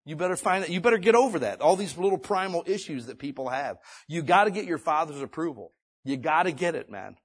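A man's voice: a little high, animated, quick pace, slightly rough. A male pastor preaching a conversational sermon, reading scripture and building to emphatic exhortation.

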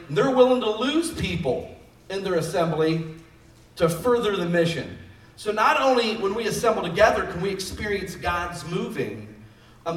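A man's voice: high-pitched, recorded from a distance, slight background noise. A man preaching a sermon in a conversational style, building up emphasis on key phrases. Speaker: pastor. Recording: echoey room, voice from off mic.

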